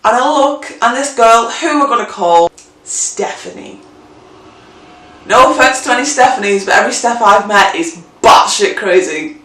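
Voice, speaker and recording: A young woman telling a story in a casual vlog, animated and chatty, swearing freely. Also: a little high, normal speed, recorded from a distance. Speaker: vlogger. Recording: roomy, mic set back.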